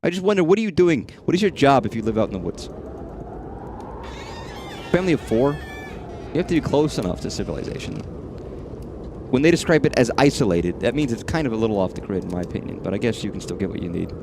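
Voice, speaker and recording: A man's voice: medium pitch, very animated, quick pace, long pauses, noisy background. A man streaming a horror game, rambling and swearing freely as he talks to the things on screen. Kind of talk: casual live-stream commentary.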